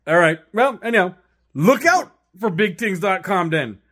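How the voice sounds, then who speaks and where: A man's voice: high-pitched, animated, normal speed, a bit bright. A man co-hosting a podcast in rambling casual banter, swearing often and restarting his sentences. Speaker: podcast co-host. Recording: roomy sound.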